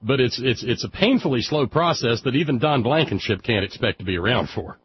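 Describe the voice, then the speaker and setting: A man's voice: mid-range voice, expressive, fairly quick, a little hiss or hum. A man hosting a radio talk show, chatting casually with a caller and often stammering and restarting his sentences. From Alabama. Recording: muffled lo-fi radio broadcast.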